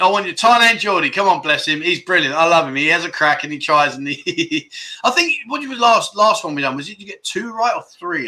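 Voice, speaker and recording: A man's voice: fairly high pitch, sharp tone. A man from London with a London accent hosting a casual livestream chat show, chatty and jokey as he reads out viewer comments. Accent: London English. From London, England. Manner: chatty and jokey, rambling with restarts and laughs. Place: living in Thailand.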